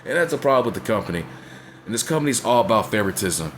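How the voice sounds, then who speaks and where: A man's voice: fairly low pitch, sing-song, quick pace, a bit bright, a little hiss or hum. A man ranting in a blunt, profane way in casual talk, often asking if you know what he's saying. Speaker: wrestling commentator vlogger. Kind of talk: casual opinion rant.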